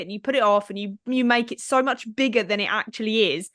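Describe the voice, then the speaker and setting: A woman in her thirties co-hosts a podcast, telling stories in casual chat, laughing often and swearing freely. Her voice is fairly high, steady and fairly bright, she talks fast, and the recording is dry and studio quality.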